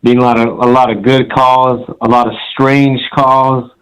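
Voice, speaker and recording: A man's voice: medium pitch, level tone, a little slow, smooth, rough recording. Swaggering, crude male caller. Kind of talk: casual storytelling on a call-in show.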